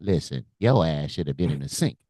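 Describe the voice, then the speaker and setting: A man's voice: very deep voice, expressive, a little fast, warm tone, no echo, studio quality. A man co-hosting a comedy podcast, firing off crude one-liners. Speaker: podcast co-host.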